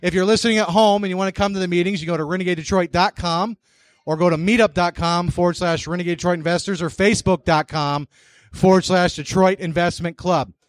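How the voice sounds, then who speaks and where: A man's voice: high voice, no room sound. A man hosting an investors' meeting in a big room, blunt and joking as he bosses the crowd through a handheld mic. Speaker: meeting host. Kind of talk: brash meeting emcee.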